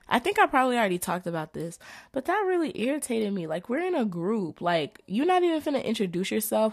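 A young woman, a college student reading through her notes in an animated, profane, exasperated rant. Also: mid-range voice, a little fast. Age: young adult.

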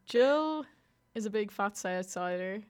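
A woman's voice: medium pitch, lively intonation, slow, a little mellow, clear, resonant tone. A young woman co-hosting a podcast, teasing her friends in casual chat. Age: young adult. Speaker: podcast co-host.

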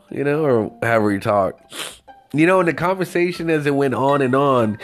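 A man's voice: medium pitch, animated, brisk. Profane rambling male storyteller. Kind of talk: casual storytelling rant.

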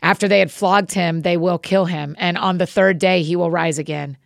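A woman reading as Jesus, calm teacher. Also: fairly low pitch, normal speed, creaky, no echo, clean studio sound. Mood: solemn. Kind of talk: scripture reading.

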